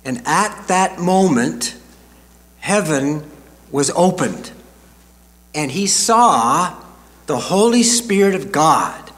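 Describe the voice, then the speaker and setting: Older man preaching slowly in an echoing hall. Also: on the high side, fairly bright tone. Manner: slow and deliberate, with dramatic pauses. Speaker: pastor. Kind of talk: sermon. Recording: reverberant hall.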